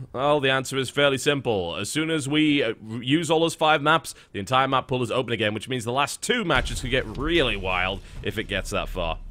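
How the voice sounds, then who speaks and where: A man's voice: medium pitch, sharp tone. A man casting a live esports match, talking wryly and at length about the games and the format. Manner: wry, talkative play-by-play. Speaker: esports caster. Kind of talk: live game commentary.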